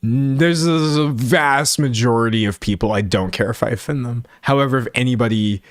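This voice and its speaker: A man chatting casually on a livestream, animated and laughing often. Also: mid-range voice, fairly quick, no echo, clean studio sound. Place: home streaming setup in front of a pink backdrop.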